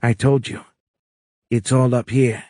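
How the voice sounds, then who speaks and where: Man voicing Strem, a calm alien woman. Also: mid-range voice, no echo, clean studio sound, pitched above the performer's own voice, lightly acted. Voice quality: foreign accent, soft raised voice. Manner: slow, measured, explanatory. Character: calm wise alien woman, gentle and grateful.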